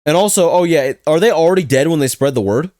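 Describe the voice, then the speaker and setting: A young man hosting a reaction video, joking around and thinking out loud in casual slang. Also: a little high, fast talker, dry recording, studio quality.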